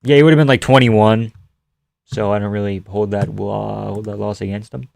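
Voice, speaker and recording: A man's voice: on the low side, fairly even intonation, normal speed, creaky, a little mellow, dry recording, studio quality. A man hosting a casual livestream, rambling, swearing and reading viewer comments aloud. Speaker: livestream host.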